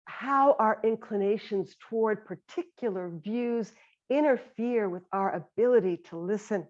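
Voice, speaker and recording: A woman meditation teacher speaks very slowly and gently, pausing between short phrases in a reflective talk. Her voice sits at a middle pitch. The recording is slightly dull and lo-fi.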